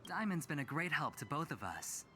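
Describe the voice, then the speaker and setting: A man's voice: a little high, big pitch swings, brisk, bright, forceful tone, a little hiss or hum. An actor playing a smug, teasing young male corporate gambler in a game. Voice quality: teasing, self-assured.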